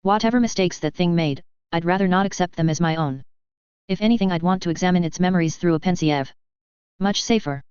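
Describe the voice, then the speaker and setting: A woman voicing a dry, reserved young male wizard who speaks in a flat, measured way, on a dull lo-fi recording. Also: fairly low pitch, clear, resonant tone, no room sound, close to an everyday voice.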